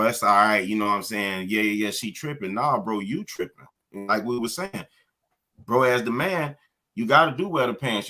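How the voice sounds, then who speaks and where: A man's voice: lowish voice, pushed and bright. A man co-hosting a casual podcast chat, speaking earnestly and reflectively about holding each other accountable. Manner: earnest, reflective, drops agreeing "yeah"s. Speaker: podcast co-host.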